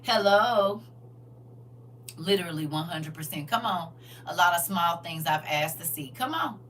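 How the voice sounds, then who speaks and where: A woman hosting a livestream, chatting casually with her viewers in a churchy, testifying tone, expressive and laughing often. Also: fairly low pitch, a little slow, distant mic, a little hiss or hum. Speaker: livestream host reading viewer comments.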